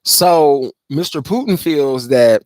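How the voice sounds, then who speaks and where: A man's voice: on the high side, lively intonation, slow, no echo. Profane, rambling male commentary host. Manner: profane, conversational, filler-heavy. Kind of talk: casual commentary monologue.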